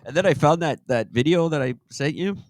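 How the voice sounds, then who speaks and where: A man's voice: on the high side, a little fast, darkish tone, no room sound, rough recording. A man hosting a casual podcast chat, rambling and jokey.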